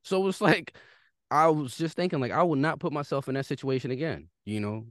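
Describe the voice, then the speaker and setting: A young man co-hosting a casual podcast, swinging between loud outbursts and low reflective talk. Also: brisk, dry recording, studio quality. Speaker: podcast co-host.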